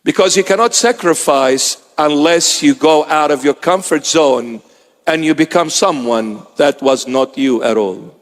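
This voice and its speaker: A man preaching as a bishop speaks in a slightly high voice, a little slowly. His sermon is built on stories in which he acts out the people's voices, and a long hall reverb surrounds the sound.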